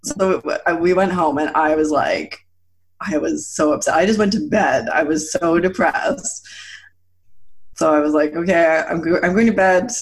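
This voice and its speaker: A woman in her thirties, telling a personal story in a casual chat, animated and laughing often as she acts out quotes. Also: sits low, normal speed. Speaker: guest.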